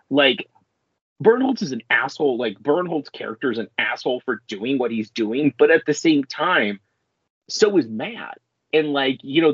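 A man co-hosting a podcast, chatting casually about a show in a rambling, profane, animated way. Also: medium pitch, slightly rough, dry recording, lo-fi sound. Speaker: podcast co-host. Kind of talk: casual chat reviewing a show.

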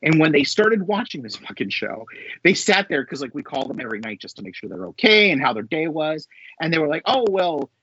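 Husky, higher-voiced podcast man. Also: a little fast, muffled recording. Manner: animated storytelling, laughs often. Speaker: podcast co-host. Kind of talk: casual pop culture chat.

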